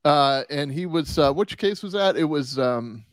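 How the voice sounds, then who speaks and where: A man's voice: on the high side, lively intonation, measured pace, no room sound, clean studio sound. A man co-hosting a podcast in casual chat, rambling with restarts and easy laughs. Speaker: podcast co-host.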